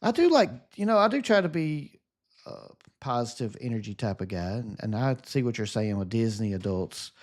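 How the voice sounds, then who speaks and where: A man with a Southern US accent chats with his viewers while he plays. His voice is sunny and relaxing, sitting at an ordinary middle pitch, and he talks in an upbeat, friendly way. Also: sing-song, moderate pace. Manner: upbeat, chatty, answers viewer comments. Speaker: gaming streamer. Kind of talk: casual live chat while gaming.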